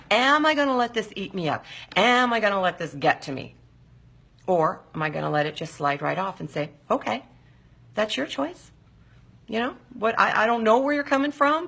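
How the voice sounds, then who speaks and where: A woman's voice: on the low side, pushed and bright, breathy edge. A woman hosting a live talk show, speaking emphatically and asking the audience rhetorical questions.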